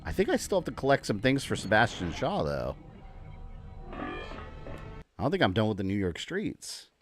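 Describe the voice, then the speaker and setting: Deep-voiced man chatting over gameplay. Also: moderate pace, soft background music. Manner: rambling, relaxed and chatty while playing. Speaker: livestream gamer host. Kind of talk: casual gameplay commentary.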